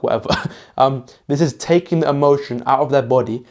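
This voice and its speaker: A man's voice: mid-range voice, moderate pace, a little mellow. A young man talks through a social skills lesson as if chatting with a friend. He keeps it loose and laughs at his own clumsy phrasing. He slips into little acted examples of conversations as he goes. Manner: chatty, laughs at himself, acts out example dialogues. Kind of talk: casual instructional talk.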